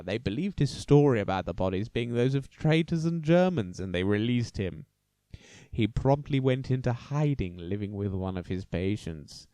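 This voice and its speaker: A man's voice: lowish voice, darkish tone, clean tone, no room sound. Man telling a story theatrically. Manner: theatrical, with jokey asides. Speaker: podcast host. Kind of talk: casual true-crime storytelling.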